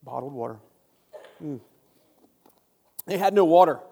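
A man's voice: on the high side, expressive, a little slow, vocal fry, dark tone. A man giving a casual Bible study talk, chatty and joking, often breaking off into asides. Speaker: Bible teacher. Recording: long reverb.

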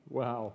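A man preaching a sermon, conversational and animated, with opinionated asides while reading scripture aloud. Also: a little hiss or hum. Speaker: pastor.

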